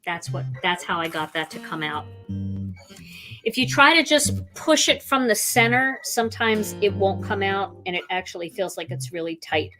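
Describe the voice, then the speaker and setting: A woman with a middle-of-the-road pitch talks her viewers through a live crafting demonstration. She gushes and chats as she goes, full of eager enthusiasm, while soft guitar music plays faintly in the background. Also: lively intonation, moderate pace. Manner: gushing, enthusiastic, chatty. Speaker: card-making host.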